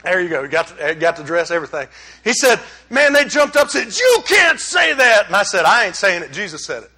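Brief: man, middle-aged pastor, lively humorous sermon delivery, high bright voice. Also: fast talker, breathy edge. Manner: animated, conversational preaching with humor. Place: church sanctuary.

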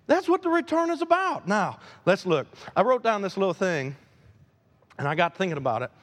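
High-voiced preacher in a reverberant hall. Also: male voice, fairly quick. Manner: animated preaching, swings between loud emphasis and quiet asides. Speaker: pastor. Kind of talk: sermon.

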